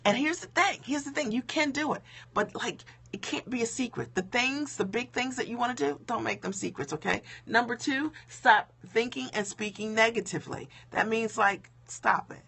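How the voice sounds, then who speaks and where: Woman coach on a live stream, raspy, creaky and bright-toned, emphatic, keeps asking "okay?". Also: on the high side, animated, moderate pace, few pauses. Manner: emphatic, conversational, full of "okay?" and "right?". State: low-key because it is late. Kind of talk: motivational live stream talk.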